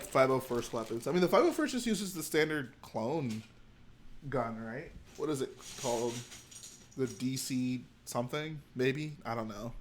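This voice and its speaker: A man hosting a livestream from home, chatting in a loose, rambling way as he works. His voice sits at an ordinary middle pitch, and he thinks aloud as he goes. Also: slight background noise. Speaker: livestream host. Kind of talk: casual chat while building.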